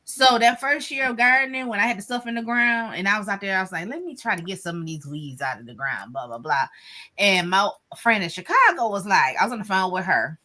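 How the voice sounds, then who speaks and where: A woman from Michigan telling stories in a dramatic, animated way during a casual gardening chat. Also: mid-range voice, brisk. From Michigan, USA. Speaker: panel guest.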